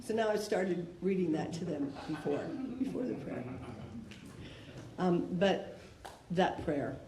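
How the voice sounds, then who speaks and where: In an echoey room with faint noise and crowd sounds, a Canadian woman shares candidly at a recovery meeting. Her voice is lowish and her pace slow as she asks conversational rhetorical questions.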